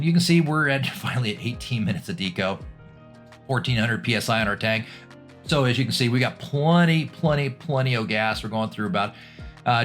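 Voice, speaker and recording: A man's voice: medium pitch, a bit bright. Man, middle-aged, scuba instructor, casual chatty voice-over, faint background music. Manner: casual, chatty, with many fillers and restarts. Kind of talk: dive review voice-over.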